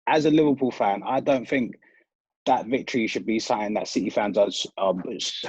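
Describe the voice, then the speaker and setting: A man, a podcast guest dialled in on a call, talking football in a frank, relaxed way. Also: on the low side, a little fast, husky, no room sound. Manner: relaxed, frank, self-correcting. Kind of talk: casual football chat. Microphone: video or phone call. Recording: dull lo-fi call audio, dry.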